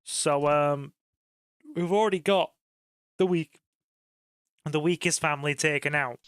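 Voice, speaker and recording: A man's voice: a little high, unhurried, clear, resonant tone, no room sound, studio quality. A man hosting a gaming stream, chatting casually with his co-host and reading out viewer comments. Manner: relaxed, chatty, reads chat aloud. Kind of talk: casual let's-play chat.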